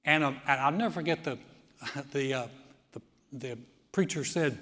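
A man's voice: moderate pace, long pauses. A man preaching with long church reverb. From United States. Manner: swings from loud emphatic preaching to quiet, low prayer. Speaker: pastor. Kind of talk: sermon. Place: church sanctuary.

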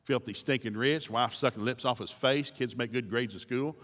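A man's voice: mid-range voice, moderate pace, a bit bright, long reverb tail, pitched below the performer's own voice, natural voice. A man voicing a smug, cynical devil who mocks and sneers. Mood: sneering. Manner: mocking, sarcastic.

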